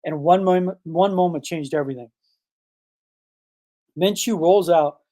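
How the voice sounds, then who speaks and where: A man's voice: fairly high pitch, a little slow, warm tone. A man hosting a sports podcast, talking in a casual, emphatic way and firing off rhetorical questions. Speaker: podcast host.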